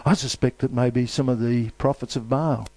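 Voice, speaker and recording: A man preaching a sermon with emphatic, repetitive phrasing and dramatic pauses. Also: mid-range voice, fairly even intonation, warm tone, no echo.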